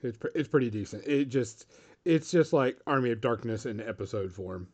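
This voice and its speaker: A man co-hosting a casual podcast chat, laid-back and quick to laugh. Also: medium pitch, darkish tone. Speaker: podcast co-host. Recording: dull lo-fi audio.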